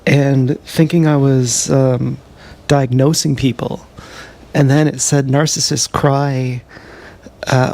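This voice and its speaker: A man's voice: mid-range voice, creaky, darkish tone. A man talking casually on a live stream from an action camera, meandering and self-deprecating with frequent hesitations. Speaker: vlogger. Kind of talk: rambling live-stream monologue. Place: outdoors or on the move, GoPro. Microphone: action camera mic.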